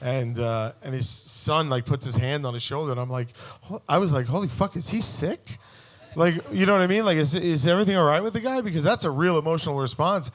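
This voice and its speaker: Brash storytelling man, slightly high. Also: fast talker, few pauses. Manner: crude, abrasive humor with big outbursts. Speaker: podcast guest. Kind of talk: live podcast storytelling. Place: live show on a cruise ship.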